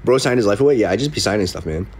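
A man's voice: on the low side, animated, very fast, darkish tone, husky. A young man hosting a casual livestream, telling stories in a rambling way with many fillers and restarts, and acting out the people he quotes. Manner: acts out quoted people in mock voices. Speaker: livestream host.

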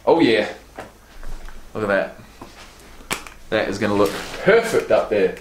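A man's voice: on the low side, expressive, a little slow, slight background noise. A man casually unboxing fan gifts on his vlog, reading card stats and a letter aloud and swearing now and then. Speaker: YouTube vlogger. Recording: roomy echo.

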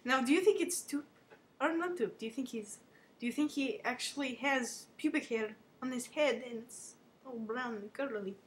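A woman's voice: a little high, moderate pace, slight background noise. Theatrical woman hosting a mock show. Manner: theatrical and bossy, swinging between loud scolding and dropping into hushed asides. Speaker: host of a homemade comedy show.

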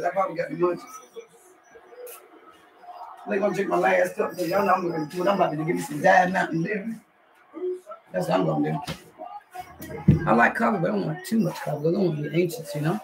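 A woman with a fairly low pitch and vocal fry hosts a casual livestream from her home kitchen, her throat scratchy. She's chatty and slangy, reading the chat and calling her viewers y'all.

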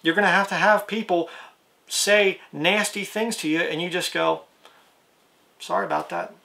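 A man's voice: high-pitched, fairly even intonation, moderate pace, gravelly, sharp tone. A man preaching a plain-spoken video sermon, reading scripture aloud and asking his listeners rhetorical questions.

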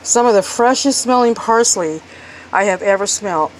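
A woman's voice: mid-range voice, moderate pace, a little hiss or hum, poor audio. Woman, casual home cooking vlog, phone recording, slightly winded, chatty. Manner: chatty, talks while working one-handed. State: out of breath. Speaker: cooking vlogger. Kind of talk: casual kitchen demonstration. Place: home kitchen. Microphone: handheld phone.

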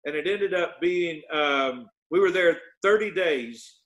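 A man, a guest minister telling a testimony with many pauses and fillers. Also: a little high. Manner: halting with many fillers, bursts of excited quoting. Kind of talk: storytelling testimony.

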